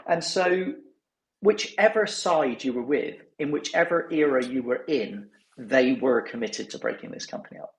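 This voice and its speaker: A man hosting a casual podcast chat, talking in an animated way and acting out what others said. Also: mid-range voice, moderate pace, roomy sound. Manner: animated, mimics others in quotes. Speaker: newsletter host.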